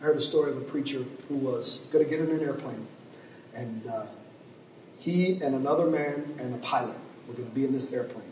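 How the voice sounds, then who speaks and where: Animated pastor in an echoey church. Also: male voice, mid-range voice, fairly quick. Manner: animated storytelling, voice rising and dropping sharply for dramatic effect. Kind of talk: sermon with storytelling. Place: church sanctuary. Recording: echoey church, mic at a distance, faint noise.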